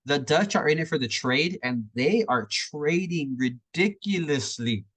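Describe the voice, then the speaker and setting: A man's voice: on the high side, animated, measured pace, fairly bright tone. A man teaching a history lesson in a loose, conversational way, often checking in with "right?". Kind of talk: casual classroom lecture over slides.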